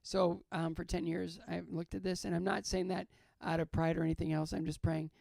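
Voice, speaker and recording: An older man, a guest in an interview, talking earnestly about faith, halting and repeating his phrases. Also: a little high, flat delivery, vocal fry, darkish tone, no echo, clean studio sound. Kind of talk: reflective faith talk in an interview.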